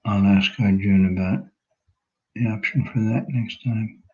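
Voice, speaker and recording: A man leading an online class, wrapping up slowly and hesitantly, thinking aloud between words. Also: fairly low pitch, steady tone, dark tone, muffled recording. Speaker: class leader. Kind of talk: casual closing remarks on a video call.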